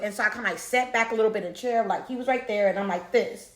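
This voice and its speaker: Woman storyteller, animated and chatty, addresses the viewer; bright tone, echoey room. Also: mid-range voice, rapid-fire. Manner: animated, repeats herself, talks to the audience. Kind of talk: casual storytelling to camera.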